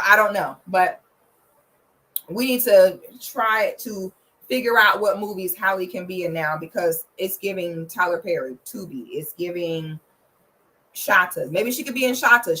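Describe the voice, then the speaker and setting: A young woman giving blunt, profane, big-sister style commentary in a casual vlog, slipping into loud playful shouting now and then. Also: low-quality recording. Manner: bursts into loud playful shouting when pitching her membership. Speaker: vlogger commenting on celebrity relationships.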